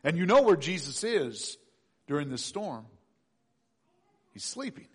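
Man preaching, middle-aged, high voice, animated, loud then hushed. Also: a little slow, breathy edge. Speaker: pastor. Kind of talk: sermon.

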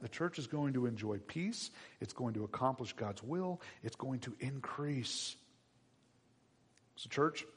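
A middle-aged male pastor preaching a sermon, animated, acting out little voices. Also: medium pitch, breathy edge. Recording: long hall reverb.

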